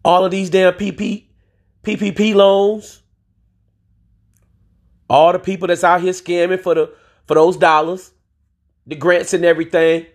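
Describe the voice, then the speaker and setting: A man's voice: high-pitched, level tone, measured pace, long pauses. A man from the United States ranting on his own podcast, emphatic and profane, using street slang and talking straight to his listeners. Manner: emphatic and profane, swears freely. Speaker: podcast host. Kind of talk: solo podcast rant.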